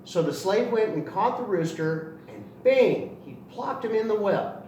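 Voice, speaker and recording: Animated man reading to kids. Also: high-pitched, measured pace. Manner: animated, expressive storytelling. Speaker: storybook reader for a kids' outreach channel. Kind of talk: children's story reading. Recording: roomy echo, distant mic, faint noise.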